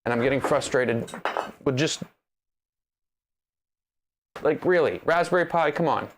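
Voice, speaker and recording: A man's voice: mid-range voice, expressive, a little slow, slight background noise. Sarcastic man grumbling at his printer. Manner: sarcastic, exasperated muttering at the machine; talks to the machine directly. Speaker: 3D printing maker hosting a live stream. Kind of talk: casual live troubleshooting commentary.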